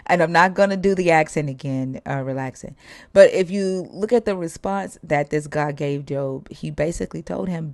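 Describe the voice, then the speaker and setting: A woman's voice: low voice, normal speed, a little mellow, no echo. A woman hosting a casual livestream discussion, blunt and profane, laughing often. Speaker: livestream host.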